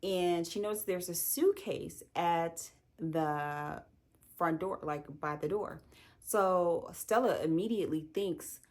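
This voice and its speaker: A woman giving a casual, chatty book review, animated and opinionated. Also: fairly low pitch, takes it slowly.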